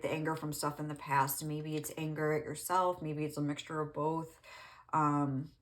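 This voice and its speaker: A woman with a low voice gives a casual tarot reading. She rambles along in a loose, chatty way, full of fillers and small asides. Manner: rambling, lots of "like", laughs often. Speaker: tarot reader.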